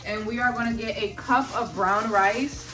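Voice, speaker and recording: A woman's voice: on the high side, steady tone, normal speed, pushed and bright, faint music behind. Chatty young woman, far from the mic. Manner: chatty, profane, jokey self-narration. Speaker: vlogger. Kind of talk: casual cooking vlog. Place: home kitchen. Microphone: phone on a charger, away from the stove.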